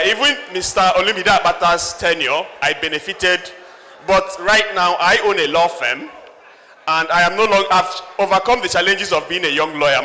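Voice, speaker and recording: A man's voice: fairly high pitch, sharp tone. A middle-aged man, a lawyer earnestly asking a question at a town hall. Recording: reverberant hall.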